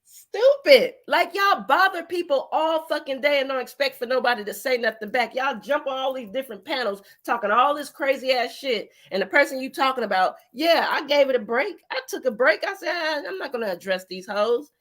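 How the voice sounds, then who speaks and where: A woman's voice: sits high, expressive, a little fast, hardly any pauses, fairly bright tone. A woman hosting her channel, reacting bluntly to a clip in casual commentary and swearing freely. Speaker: channel host.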